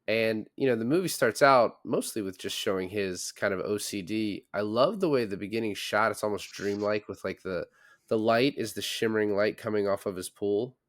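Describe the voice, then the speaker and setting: A man co-hosting a podcast, casually recapping a film in a relaxed, rambling way. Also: on the low side, moderate pace, no room sound, clean studio sound. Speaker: podcast co-host. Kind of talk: casual chat.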